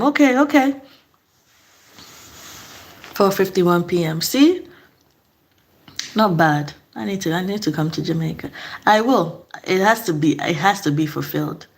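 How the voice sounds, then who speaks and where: Nigerian lady live streaming, slow easy talk, lowish voice, keeps repeating herself. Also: vocal fry. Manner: chatty, repeats herself, laughs often. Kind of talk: casual live-stream chat.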